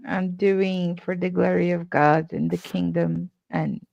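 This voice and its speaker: A woman speaking as a guest in casual chat, soft-spoken and earnest. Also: lowish voice, fairly even intonation, measured pace, gravelly, no room sound, highs cut off.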